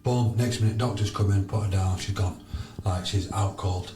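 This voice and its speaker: A man, a podcast guest telling stories loudly and bluntly, swearing freely. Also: on the low side, steady tone, normal speed. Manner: loud, blunt, emphatic. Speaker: podcast guest, charity founder. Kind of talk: animated storytelling with swearing. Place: sauna. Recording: roomy echo.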